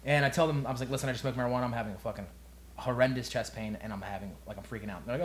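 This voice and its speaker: This young man talks like he's recounting a wild night to friends. His delivery is animated, with quoted voices and curse words scattered through. His pitch sits in an ordinary middle register. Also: very fast, a little hiss or hum. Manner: animated storyteller, acts out quotes, swears freely. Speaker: podcast co-host. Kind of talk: casual storytelling chat.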